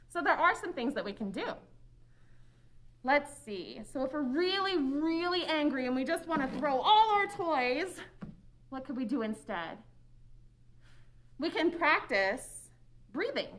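A woman with a slightly raised voice gives a children's sermon in a church. Her delivery is animated and sing-song, pitched for young listeners. She talks through a face mask. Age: adult. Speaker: children's minister. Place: church sanctuary. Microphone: wearing a face mask.

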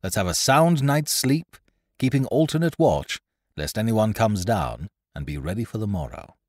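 A man voicing a bold, grinning pirate captain who talks in rough, hearty old sailor speech. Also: fairly low pitch, big pitch swings, normal speed, a little mellow, dry recording, clean studio sound. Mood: scheming.

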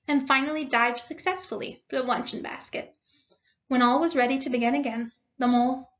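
A woman's voice: high-pitched, fairly bright tone. A woman teacher reading a storybook aloud to her class and explaining it with questions. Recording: dull lo-fi recording.

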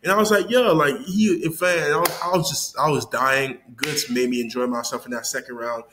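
A man casually recapping a battle, animated and laughing as he quotes lines. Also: medium pitch, fairly quick, slight background noise. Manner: animated, laughing, quoting lines with mock voices. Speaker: battle rap reviewer.

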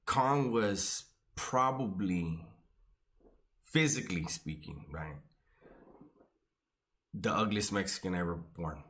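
This storyteller looks back on his time behind bars with relaxed, crude humor. He speaks slowly in a low, slightly bright voice, leaving long pauses.

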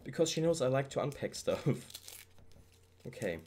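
A young man, excitedly unboxing fan mail at his home PC setup and gushing about every item. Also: mid-range voice, moderate pace, slight background noise. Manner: excitable, gushing, says "bro" often. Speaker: YouTuber.

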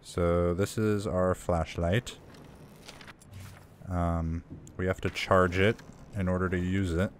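A man's voice: sits low, level tone, slow pace, long pauses, a little hiss or hum. A man casually commenting on a horror game he is playing, joking and reading in-game notes aloud. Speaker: let's play gamer. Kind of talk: gameplay commentary.

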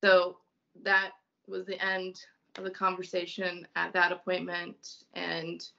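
A woman from Illinois, a mother and podcast guest, telling a personal story slowly and haltingly with many ums. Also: on the low side, monotone, gravelly, pushed and bright, highs cut off.

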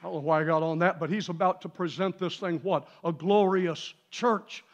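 Man, pastor, sermon, high-pitched, storytelling, shifts from quiet asides to shouting. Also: normal speed, hardly any pauses, highs cut off. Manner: storytelling, swings from low asides to shouted peaks. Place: church sanctuary.

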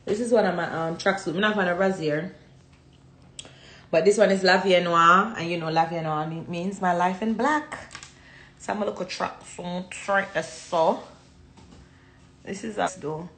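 A woman's voice: fairly low pitch, steady tone, moderate pace, long pauses, fairly bright tone, reverberant. A Jamaican woman hosting a casual livestream chat, talking freely and slipping into patois. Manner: chatty, slips into patois. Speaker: livestream host.

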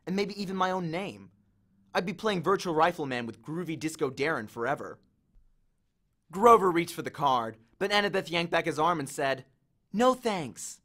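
A man narrating a novel in the first person, reading expressively. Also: on the high side. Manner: expressive storytelling. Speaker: audiobook reader.

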